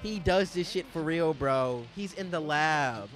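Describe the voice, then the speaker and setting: A young man streaming live, reacting to basketball highlights with loud outbursts and slang, talking at the players on screen. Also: a little slow. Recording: faint music behind the voice.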